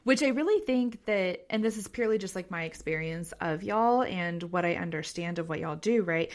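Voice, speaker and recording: Chatty woman podcast host, lowish voice. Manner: chatty and effusive, many "like" fillers, laughs often. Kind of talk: casual interview conversation.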